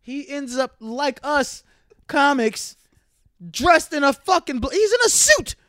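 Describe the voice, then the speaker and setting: A young man co-hosting a podcast, telling stories loudly and swearing a lot. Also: extremely high pitch, takes it slowly, no echo, clean studio sound. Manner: loud, animated storytelling, swears a lot. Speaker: podcast co-host. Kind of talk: casual chat.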